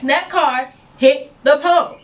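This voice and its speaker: A woman telling an animated story in casual podcast chat, checking that everyone is following her. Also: high voice, slow pace. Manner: vivid, checks that the listeners are following. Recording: noisy, from a distance off the mic.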